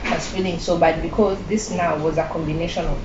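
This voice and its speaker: Animated young Kenyan woman, muffled recording. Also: on the low side, quick pace. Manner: animated, laughing, mixing in Swahili phrases. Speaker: guest. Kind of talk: personal storytelling in an interview. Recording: muffled with clear background noise.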